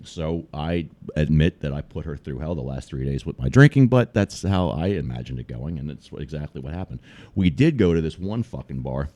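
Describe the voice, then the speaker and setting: A man's voice: extremely low pitch, animated, a little fast, dark tone. An American man telling a trip story in casual, profane podcast chat. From United States. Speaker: guest storyteller.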